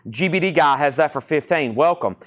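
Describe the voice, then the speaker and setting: A man's voice: on the high side, expressive, a little fast, fairly bright tone. A man with a Southern US accent hosting a live-stream record auction, chatty and rambling as he reads out titles and prices. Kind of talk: live-stream sales patter.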